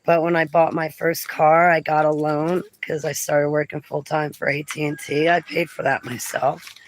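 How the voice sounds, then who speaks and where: A middle-aged woman from New Jersey, telling stories in a chatty vlog, breaking into lively exclamations and laughs. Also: low voice, moderate pace, low-quality recording. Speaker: vlogger. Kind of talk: casual storytelling chat.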